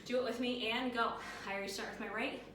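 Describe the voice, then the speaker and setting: Breathless and energetic, a woman leads a workout, counting down and calling out moves. She speaks fast in a slightly high, steady, fairly bright voice. The echoey room and distant mic add a little hiss or hum.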